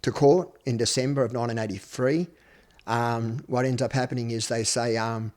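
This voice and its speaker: A man's voice: medium pitch, steady tone, moderate pace, darkish tone. A man in his fifties with an Australian accent, a podcast guest telling his own story bluntly, swearing freely. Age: 50s. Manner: blunt, swears freely, acts out quoted speech. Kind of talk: personal storytelling interview.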